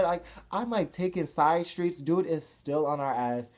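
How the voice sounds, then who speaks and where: Excitable young man telling a story. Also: a little high. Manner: excitable, fast shifts from hushed to loud, filler-heavy, swears freely. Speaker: vlogger. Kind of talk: casual storytelling to camera.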